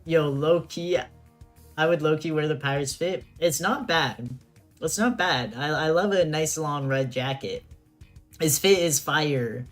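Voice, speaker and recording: Excitable slangy streamer, unhurried talk, mid pitch, quiet game music underneath. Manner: excitable, laughs often, slangy. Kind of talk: casual livestream play-through chat.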